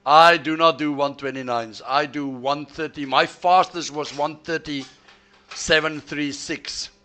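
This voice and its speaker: Casual voice-chat banter comes from a man streaming a sim race, ribbing his friends in a halting way that repeats words on restarts. He sounds a little high, with a steady, pushed, bright tone.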